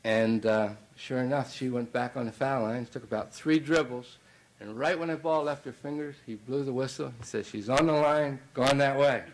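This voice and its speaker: A man's voice: medium pitch, moderate pace, hardly any pauses, slight background noise, rough recording. A middle-aged man, a basketball coach, telling a long anecdote in a banquet speech, with many fillers and restarts. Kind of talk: anecdotal after-dinner speech.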